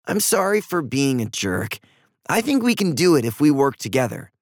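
A man voicing an eager, cocky young boy in a storybook reading, with a bright, raised voice. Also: medium pitch, very animated, normal speed, dry recording, studio quality.

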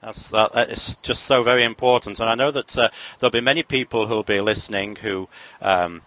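A man's voice: on the low side, steady tone, a little fast, fairly bright tone, low-quality recording. An English man hosting a podcast interview, talking with many fillers and restarts. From England. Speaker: podcast host. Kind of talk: casual interview chat.

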